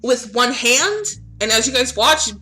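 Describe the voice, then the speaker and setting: A woman's voice: fairly high pitch, very animated, moderate pace, sharp tone, soft background music. Casual, chatty woman game master. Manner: casual, chatty, swears freely, many fillers like "um" and "like". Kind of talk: narrating a tabletop game.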